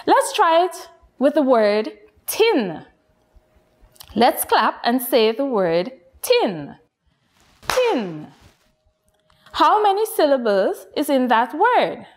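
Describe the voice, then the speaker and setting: A woman from Guyana teaching a nursery phonics lesson, speaking slowly and encouragingly to young children. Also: high voice, sing-song. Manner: slow, lilting, encouraging teacher voice addressing children.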